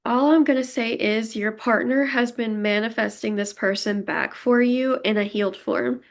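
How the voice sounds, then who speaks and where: A woman's voice: a little high, steady tone, moderate pace. A young woman giving a pick-a-card tarot reading, emotional and gushing as she talks straight to her viewers. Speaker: tarot reader.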